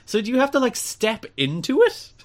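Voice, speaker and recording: A man's voice: extremely high pitch, huge pitch swings, moderate pace. A man co-hosting a podcast, recapping wrestling shows in casual, opinionated chat with a wry edge. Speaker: podcast co-host.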